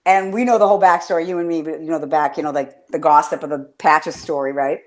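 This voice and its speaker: Bubbly, excitable woman co-host. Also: sits low, fast talker. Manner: bubbly, excitable, rambling storyteller. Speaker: podcast co-host. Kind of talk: casual chat.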